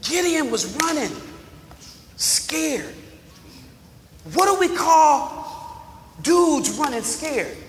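A man preaching a sermon, emphatic and often shouting to the congregation, with a drawn-out, call-and-response delivery. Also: very high-pitched, sing-song, slight background noise. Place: large church hall. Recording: echoey hall with long reverb.

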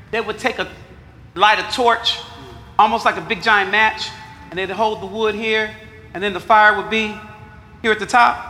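High, bright-voiced preaching man. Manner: call-and-response preaching, shouting at peaks; casual street slang mixed with scripture. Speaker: pastor. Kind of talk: sermon. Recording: echoey hall with long reverb.

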